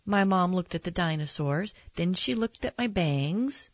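A woman reads a children's picture book aloud, slow and gentle. Her voice sits a little low, with lively expression. The recording is dry and close, slightly dull in tone. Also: no echo. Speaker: storyteller.

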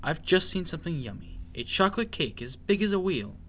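A cheerful, bossy big-sister mouse from a storybook, as a man puts her on, her voice lifted a little above his own. She sounds brisk and reassuring, with a light scolding edge, as if she always knows better. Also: fairly high pitch, sing-song, a bit bright, slight background noise, voice pushed up.

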